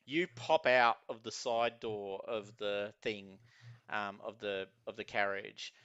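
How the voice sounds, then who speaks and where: A man running a tabletop game, talking through scenes in a loose, filler-heavy ramble. His voice is bright and smooth, recorded dry with a slightly dull, lo-fi sound. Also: on the low side, fairly even intonation, takes it slowly, dry recording. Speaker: game master.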